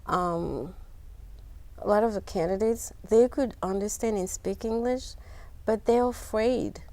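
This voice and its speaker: A woman's voice: medium pitch, a little slow, mellow, no room sound. A woman with a New York accent, speaking as a nurse educator in a panel discussion, chatty and emphatic, repeating herself for stress.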